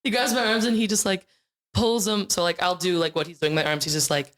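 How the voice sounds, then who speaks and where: A young woman from Iowa, a guest on a podcast, telling improv stories in a bubbly, animated way and laughing often. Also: on the low side, quick pace. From Iowa, USA. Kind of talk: casual chat.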